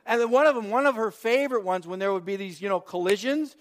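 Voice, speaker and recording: High-pitched middle-aged pastor guy, animated sermon, repeats himself a lot. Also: fast talker. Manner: animated storyteller, repeats phrases, acts out quotes.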